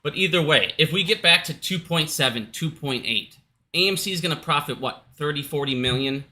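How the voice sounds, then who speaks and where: A man's voice: fairly high pitch, brisk, sharp tone. A man from Minnesota giving casual, heated commentary at home, profane and repetitive, hot and out of breath. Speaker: stock market commentator. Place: his house.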